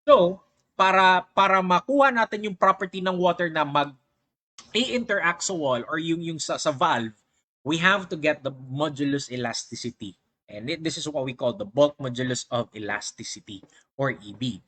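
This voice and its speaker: Filipino guy teaching engineering, bright voice, dry close sound, keeps repeating the key terms. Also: fairly high pitch, moderate pace, no room sound. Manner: code-switching, explanatory, repeats key terms. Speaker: engineering lecturer. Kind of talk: online lecture.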